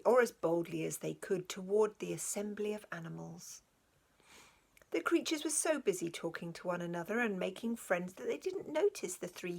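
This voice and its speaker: A woman reading a children's novel aloud for a church children's group, in an expressive, unhurried way. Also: fairly low pitch, creaky, slightly rough.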